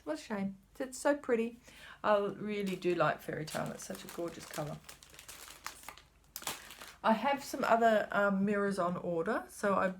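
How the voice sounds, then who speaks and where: A woman's voice: medium pitch, expressive, moderate pace, slight background noise. A woman, chatting casually as she shows her cross-stitch supplies, rambling a little and sometimes dropping to a whisper. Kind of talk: casual chat showing craft supplies.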